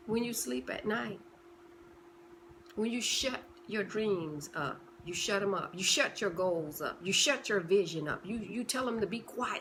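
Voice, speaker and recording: A woman's voice: mid-range voice, sing-song, a little slow, pauses often, sharp tone, a little hiss or hum. A woman giving a passionate motivational talk, pressing her listeners with repeated rhetorical questions. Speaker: motivational speaker.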